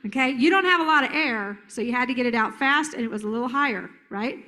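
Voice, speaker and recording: Brief: middle-aged woman therapist presenting a workshop, playful and animated, slightly high voice. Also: quick pace. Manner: lively, playful, acts out children's voices. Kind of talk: conference workshop talk. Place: conference hall.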